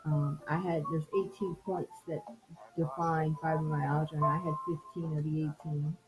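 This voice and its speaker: Soft-spoken woman telling her story over music. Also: low-pitched, level tone, moderate pace, rough recording. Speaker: speaker sharing a personal story. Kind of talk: personal testimony talk. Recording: music playing clearly behind.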